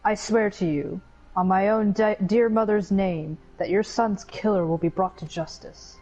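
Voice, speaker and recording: Woman doing a pompous gentleman detective, lines read aloud from a game, faint music under it. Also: mid-range voice, fairly even intonation, measured pace, highs cut off, natural voice. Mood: formal. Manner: pompous, theatrical. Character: pompous gentleman inspector, male, grandiloquent.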